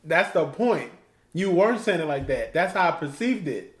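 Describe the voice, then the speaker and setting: High, lively man telling stories. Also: normal speed, echoey room. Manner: animated storytelling, acting out quotes. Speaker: co-host. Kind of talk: casual chat.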